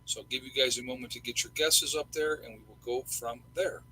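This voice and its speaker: A man's voice: medium pitch, steady tone, a little fast, pushed and bright, a little hiss or hum, rough recording. A middle-aged man, chatting casually and rambling with lots of fillers as host of a livestream. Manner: rambling, folksy, many fillers.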